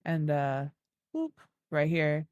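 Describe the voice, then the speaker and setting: A woman's voice: sits low, very animated, takes it slowly, darkish tone, clean tone, no echo, lo-fi sound. A woman giving casual gameplay commentary, thinking aloud as she builds and cooing baby talk at an animal. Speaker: gaming video creator.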